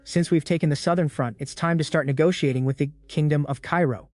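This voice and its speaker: A man voicing an arrogant young commander who lays down cold, calm threats. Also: fairly high pitch, fairly quick, dry recording, close to an everyday voice.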